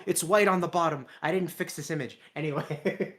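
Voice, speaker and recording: A man hosting a casual chat, sarcastic and quick to laugh, swearing freely. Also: fairly high pitch, a loud crowd. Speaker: host.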